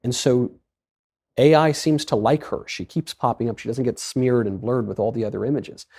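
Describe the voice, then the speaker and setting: A man's voice: mid-range voice, normal speed, a little mellow, husky. A man hosting a podcast, asking a priest questions in a curious, wry way. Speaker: podcast host. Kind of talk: interview conversation.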